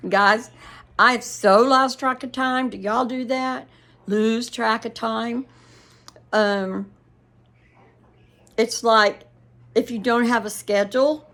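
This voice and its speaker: Gravelly older woman chatting. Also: medium pitch, a bit bright. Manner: rambling storytelling with laughs. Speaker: vlogger. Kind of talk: casual chat to viewers.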